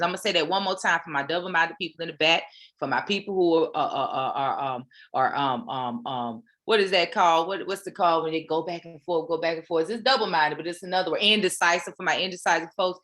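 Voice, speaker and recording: This woman's lowish voice has a bit of brightness to it. Hosting her weekly motivation session online from home, she talks in a playful, preachy way and leans on casual Black American slang.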